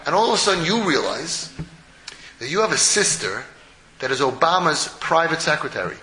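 High, sharp-voiced man teaching Torah. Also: roomy sound, poor audio. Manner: animated, dramatic storytelling; mixes English with Hebrew and Yiddish phrases. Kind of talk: Purim Torah talk.

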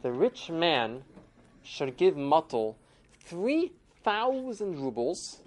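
A calm, wise elderly rabbi as a woman storyteller puts him on, speaking slowly and with firm authority. His words come out deliberate, carrying a rising, lively lilt. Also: low-pitched, a little hiss or hum, exaggerated voice. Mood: authoritative. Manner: measured, deliberate, pronouncing judgment.

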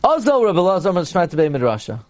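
A man teaching a Talmud class, reading Aramaic lines and explaining them with lively retelling. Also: sits high, quick pace. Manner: reads Aramaic then explains in English, animated.

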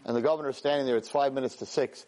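A man teaching a weekly class, telling a story with lively energy, stumbling over and repeating words and acting out the characters' lines. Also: medium pitch, very fast. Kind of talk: animated storytelling lesson.

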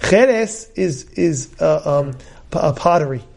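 A rabbi gives a Torah class in a fairly high voice. He teaches emphatically, asking rhetorical questions and breaking into loud outbursts. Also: lively intonation, measured pace, gravelly, slightly rough.

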